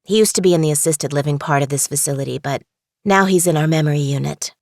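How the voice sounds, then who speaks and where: A gravelly, kindly care home worker. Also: female voice, low-pitched, fast, no echo, clean studio sound. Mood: sympathetic. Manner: gentle, sympathetic. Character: care home staff woman, kindly and gentle. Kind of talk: audiobook dramatization.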